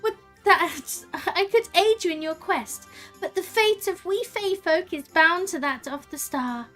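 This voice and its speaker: A woman's voice: very high voice, measured pace, pushed and bright, soft background music, pitched above the performer's own voice, heavily acted. A woman voicing a haughty fey spirit who speaks in a grandiose, teasing way. She reads the lines aloud during a game stream. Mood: theatrical.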